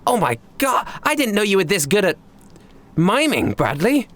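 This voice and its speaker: A man voicing an excitable, cheerful young juggler who gushes in a raised voice. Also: a little slow, a little hiss or hum, exaggerated voice. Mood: amazed. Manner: exclaiming, high and loud.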